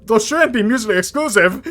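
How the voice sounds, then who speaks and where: A man's voice: fairly high pitch, a little slow, a bit bright, faint music behind. A man playing a video game, casually reading its text aloud with frequent restarts and the odd swear.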